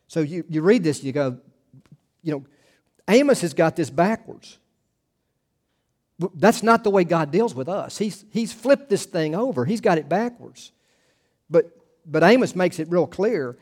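Male pastor, somewhat high voice, emphatic and repetitive sermon delivery. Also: expressive, a little mellow. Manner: emphatic, repeats words, quick asides.

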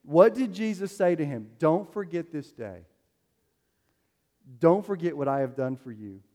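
A man's voice: on the high side, animated, unhurried, mellow. A man preaching a sermon as a pastor, telling stories in a loose, conversational way with plenty of fillers. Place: church sanctuary. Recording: long hall reverb.

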